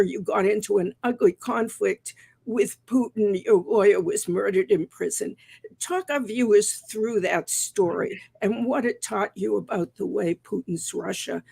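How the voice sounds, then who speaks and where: Gravelly older woman hosting an interview. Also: medium pitch, darkish tone, no echo. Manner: measured, with frequent "uh" fillers. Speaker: host, newspaper columnist. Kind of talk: live online interview.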